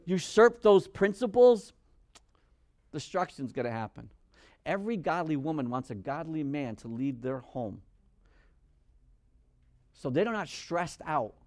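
A male preacher delivering a sermon in a high voice. He is animated and acts out Bible figures in quick little voices. The recording is dry and close. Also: no echo.

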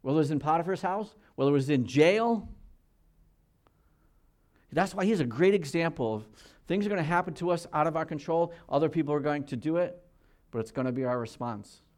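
An older man in his sixties preaching a sermon in a somewhat high voice. He talks in an earnest, conversational way, often checking in with his listeners. His delivery swings between loud, emphatic stretches and quiet asides. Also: lively intonation, fairly quick, long pauses. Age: 60s. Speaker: pastor.

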